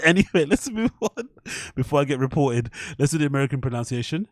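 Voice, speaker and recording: A man rambles through his podcast, swearing freely and laughing at his own mock threats. His voice sits at an ordinary pitch. The sound is close and dry. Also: expressive, quick pace, no room sound. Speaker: podcast host. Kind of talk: casual rambling commentary.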